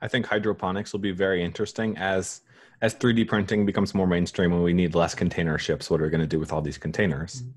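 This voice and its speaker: Fast-talking deep-voiced male host. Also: level tone. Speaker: interview host. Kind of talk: interviewer questions.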